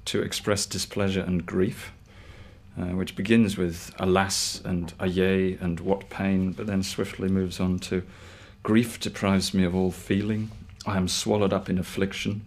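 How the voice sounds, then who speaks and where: A man sits in as a guest on a radio show, chatting and reading excerpts aloud. His voice sits on the low side, and he talks in a wry, amused way, hesitating often. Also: flat delivery, unhurried. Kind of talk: casual chat and reading on radio.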